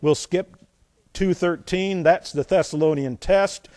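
A man's voice: high voice, a little slow, no echo. Man preaching a sermon in a dry room. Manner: reads scripture aloud, then explains it with folksy asides; dramatic swings between loud emphasis and quiet asides. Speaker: pastor.

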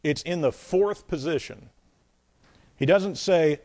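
Teaching a Bible lesson, a male pastor speaks with emphasis, repeats phrases, and alternates between booming points and hushed asides. He is on the high side and slow, recorded at studio quality with no echo.

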